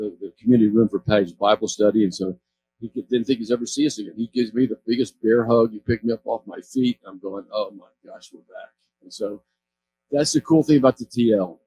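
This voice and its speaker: A man's voice: lowish voice, darkish tone, slight background noise, low-quality recording. A man in his sixties giving a talk about community work, telling stories in a rambling, self-correcting way with chuckles. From California. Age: 60s. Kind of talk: storytelling talk. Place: event stage.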